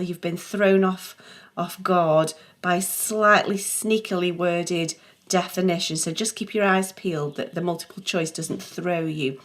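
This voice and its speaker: A middle-aged woman teaching music theory in an online tutorial, patient and encouraging, sometimes correcting herself as she explains. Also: fairly low pitch.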